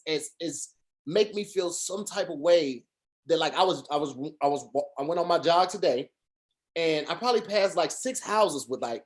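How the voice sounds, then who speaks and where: A man co-hosting a casual podcast chat over a video call, talking earnestly in long rambling runs with restarts and fillers. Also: a little high. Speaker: podcast co-host.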